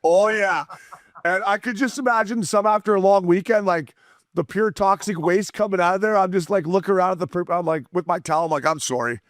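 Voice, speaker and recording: A man's voice: high-pitched, steady tone, a little fast, no echo, studio quality. Man trading crude teasing banter. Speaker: podcast host. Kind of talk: casual podcast chat.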